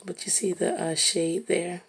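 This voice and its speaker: Slow, husky low-voiced woman musing. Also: fairly even intonation. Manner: slow, musing, drifting into soft whispers. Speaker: artist narrating while drawing. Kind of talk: reflective casual monologue.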